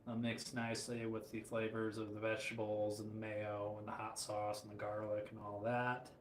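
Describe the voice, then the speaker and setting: A man's voice: fairly low pitch, completely flat delivery, normal speed, a little hiss or hum. Chatty man cooking in a roomy space. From Michigan, USA. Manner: rambling, joking asides while answering chat. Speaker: cooking streamer. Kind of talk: casual cooking livestream. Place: hotel room kitchen. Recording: roomy with faint ambience.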